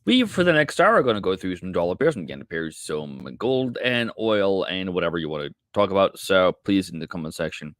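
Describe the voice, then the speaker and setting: A man's voice: low voice, very animated, a little fast, hardly any pauses, fairly bright tone, dry recording. A man hosting a casual live trading stream, chatting directly with viewers and calling them mate and brother. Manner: chatty, addresses viewers directly, many restarts.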